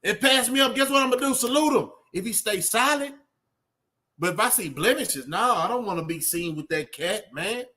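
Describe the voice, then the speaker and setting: A man's voice: high voice, expressive, moderate pace, bright, forceful tone. A middle-aged man giving an off-the-cuff motivational talk in a streetwise preaching way, rambling with fillers. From Texas. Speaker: channel host.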